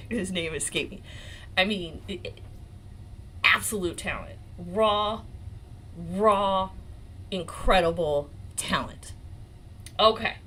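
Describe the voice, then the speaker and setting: A woman in her forties with an American accent, hosting a legal commentary livestream in an excitable, emotional way, swearing and laughing often. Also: mid-range voice, low-quality recording. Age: 40s. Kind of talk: casual live-stream commentary.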